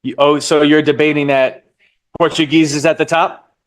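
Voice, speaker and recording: A man's voice: a little high, little pitch movement. Man teaching a real estate class. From United States. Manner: drawn-out emphasis on key terms, asks the class questions. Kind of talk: live class lecture.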